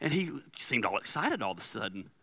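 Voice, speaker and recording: A man's voice: fairly low pitch, very animated, quick pace, a bit bright. A male pastor preaching in a loose, conversational way, telling stories and acting out the dialogue. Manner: conversational storytelling with laughs and quoted dialogue. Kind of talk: sermon.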